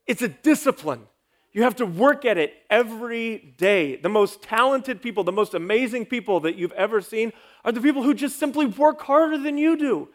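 A man's voice: very high-pitched, expressive, moderate pace. A man, a pastor, giving an emphatic sermon with a sarcastic edge.

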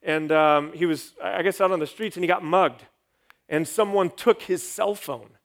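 A man's voice: sits high, moderate pace. A man, a pastor, giving an emphatic sermon with a sarcastic edge.

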